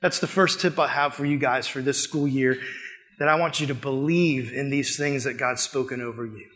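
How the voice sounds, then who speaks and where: A youth pastor preaching to students, earnest, with loud emphatic peaks that drop to hushed quiet lines. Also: male voice, mid-range voice, steady tone, moderate pace. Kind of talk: sermon. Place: room with a youth group.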